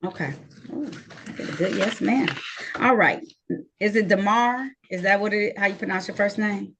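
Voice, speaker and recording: A woman judge presiding over virtual court proceedings on a video call, brisk and friendly, reading case numbers slowly and deliberately. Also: mid-range voice, noisy background.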